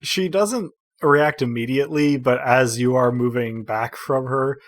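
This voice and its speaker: A man running a tabletop game as game master, describing scenes in a measured storytelling way. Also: mid-range voice.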